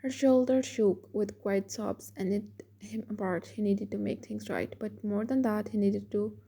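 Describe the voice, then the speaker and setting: Female narrator for a romance fan story; gravelly, mellow, husky. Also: mid-range voice, steady tone, measured pace. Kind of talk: scripted fan fiction narration.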